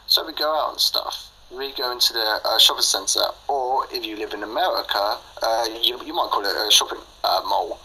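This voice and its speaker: Brief: young guy, very bright tense voice, rambly storytime with ums and laughs. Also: mid-range voice, moderate pace, few pauses, husky, low-quality recording. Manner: rambling, filler-heavy, laughs often. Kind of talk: casual storytime chat.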